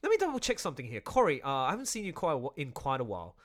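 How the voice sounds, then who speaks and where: A man hosting a casual group voice chat, animated and laughing often. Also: fairly high pitch, racing. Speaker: server host and game master.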